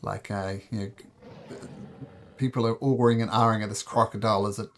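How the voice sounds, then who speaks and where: A man's voice: on the low side, fairly even intonation, fairly quick, slight background noise. A man as game master, narrating a tabletop game scene in a laid-back, wry way.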